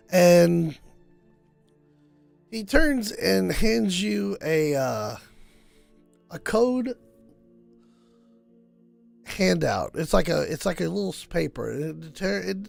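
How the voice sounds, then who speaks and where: Game master, male, gravelly, fairly high voice, halting casual narration. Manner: halting, many fillers and restarts, says y'all.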